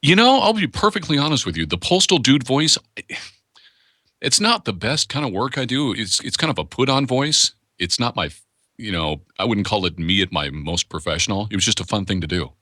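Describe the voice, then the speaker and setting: A man's voice: fairly low pitch, big pitch swings, brisk, pushed and bright, dry recording, studio quality. A man who works as a voice actor, talking candidly in a casual interview and rambling with restarts. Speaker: voice actor guest.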